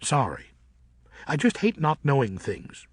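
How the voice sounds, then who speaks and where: A man's voice: medium pitch, wildly swooping pitch, unhurried, breathy edge, dry recording, clean studio sound, exaggerated voice. A man voicing a headstrong young male bat. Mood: earnest. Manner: earnest, impatient.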